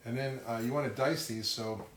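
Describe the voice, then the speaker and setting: Guy doing a live cooking demo at home, rambly and self-deprecating, far off the mic, loud dish clatter. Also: mid-range voice, fairly even intonation, very noisy. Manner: chatty, self-deprecating, halting with fillers. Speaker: cooking show host. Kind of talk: casual live cooking demonstration. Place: home kitchen. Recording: roomy, distant kitchen sound with loud clatter. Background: cutlery, dishes and chopping clatter.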